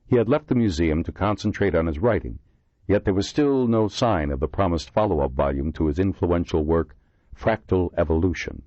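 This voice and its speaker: A man reading a horror thriller audiobook in expressive, measured narration. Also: sits low, no echo. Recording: dull lo-fi dry recording.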